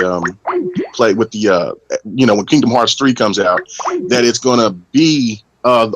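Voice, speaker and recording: A man's voice: on the low side, fairly bright tone, no room sound, rough recording. Rambling male caller to a gaming show. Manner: rambling, many fillers. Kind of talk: casual call-in question.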